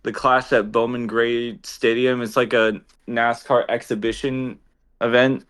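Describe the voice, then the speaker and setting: A young man talks loosely on a podcast with his friends, his voice smooth and clear. He rambles with plenty of fillers and laughs often, sitting at a medium pitch. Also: level tone, measured pace, fairly bright tone. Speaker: podcast co-host. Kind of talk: casual chat.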